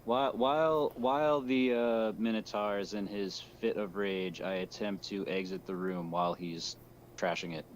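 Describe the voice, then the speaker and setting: Stammering young man, low voice. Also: fairly even intonation, moderate pace, slight background noise. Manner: hesitant, stammering. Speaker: player.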